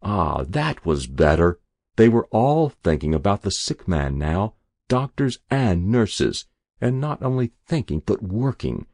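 A man reading a story aloud in a slow, unhurried way. His voice is low-pitched and slightly husky, with a lively, expressive melody. The recording is dry and close. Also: no room sound. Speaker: narrator. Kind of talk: audiobook reading.

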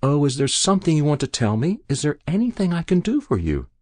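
A man's voice: on the high side, wildly swooping pitch, fast, pitched above the performer's own voice. A man voicing an anxious, coaxing daughter. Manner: gentle, coaxing. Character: anxious grown daughter at a deathbed.

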